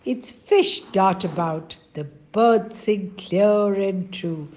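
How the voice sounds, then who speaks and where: Slow, gentle woman storyteller. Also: medium pitch. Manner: gentle, sing-song rhyming delivery. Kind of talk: rhyming storybook narration.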